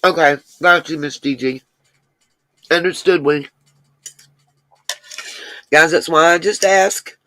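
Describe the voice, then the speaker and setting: This livestream host has a low-pitched, fairly bright voice, recorded dry. She's chatty, speaking straight to her viewers, responding to their comments as they come in and wandering into long asides.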